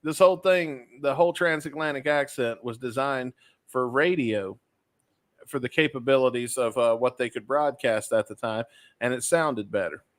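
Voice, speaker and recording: A man's voice: mid-range voice, normal speed. A man co-hosting a podcast in casual chat, explaining things at length and often repeating himself. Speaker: podcast co-host.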